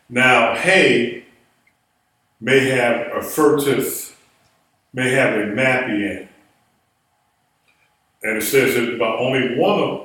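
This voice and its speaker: A Biblical Hebrew teacher with a middling, slightly bright voice lectures a small class at a slow, deliberate pace, patiently spelling out words one letter at a time. Every word is wrapped in heavy echo, since he sits far from the mic in an echoey room.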